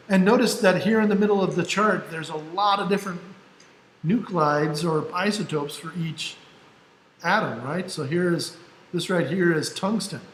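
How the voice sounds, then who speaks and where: A man's voice: a little high, fairly bright tone. A male teacher giving a casual classroom lecture, explaining step by step and often checking in with "right?". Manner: casual, self-deprecating asides. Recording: echoey room, faint background noise.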